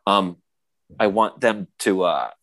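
A man chatting casually on a podcast, rambling with lots of fillers and excited retellings. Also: low voice, takes it slowly. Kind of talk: casual chat.

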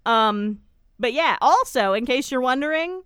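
Smooth, crisp-voiced sarcastic woman. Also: high-pitched, lively intonation, a little slow, fairly bright tone, no room sound, studio quality. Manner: sarcastic, rambling with many ums. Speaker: podcast co-host. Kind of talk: casual chat recapping a TV episode.

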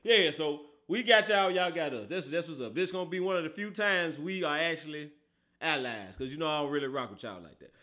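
A man hosting a casual football podcast, talking in animated, slangy banter and laughing often. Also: a little high, brisk. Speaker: podcast host. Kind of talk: casual football talk show.

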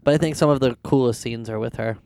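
A man with a middle-pitched voice chats easily on a podcast. He talks about what he likes in a relaxed, friendly manner. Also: fast talker, background noise. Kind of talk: casual chat.

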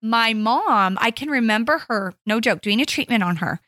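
Woman podcast co-host, bright voice, slightly high, animated storytelling, dry close mic. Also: normal speed, no room sound. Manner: animated storyteller, acts out her own quotes. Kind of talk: casual chat.

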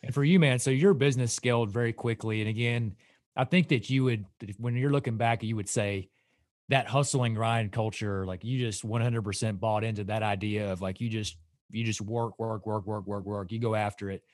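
A man's voice: lowish voice, steady tone, brisk, a little mellow, no room sound, clean studio sound. Easygoing male podcast host. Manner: laid-back, laughs along, calls the guest "man". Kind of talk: casual interview chat.

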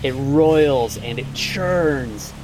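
A man narrating a tabletop game as game master, slowly and descriptively. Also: mid-range voice, lively intonation, over music, poor audio. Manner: slow, descriptive storytelling.

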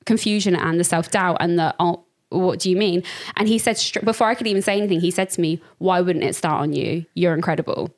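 Woman, young adult, slightly low voice, lively storyteller who voices her own past thoughts; a podcast guest. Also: fast. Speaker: guest, dancer and teacher. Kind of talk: casual interview chat.

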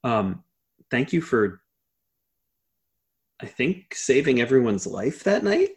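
A man's voice: mid-range voice, very animated, slow, vocal fry, full character voice. A man voicing a shy, awestruck young male waiter who stammers and hesitates, in a tabletop game. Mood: earnest.

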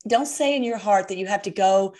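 A woman's voice: medium pitch, a little fast, darkish tone. A woman in casual conversation about faith, talking with many fillers and restarts as she gathers her thoughts.

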